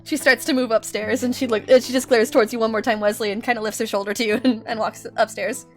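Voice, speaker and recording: A woman's voice: on the high side, steady tone, fast, soft background music. A woman narrating a tabletop game as game master, giggling often as she talks. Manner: giggly, narrates with frequent laughs.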